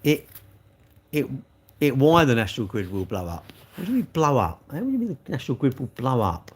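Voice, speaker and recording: A man's voice: mid-range voice, very animated, fairly quick. Man, middle-aged, live-stream host, casual rant, rhetorical questions. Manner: chatty, ranting with rhetorical questions.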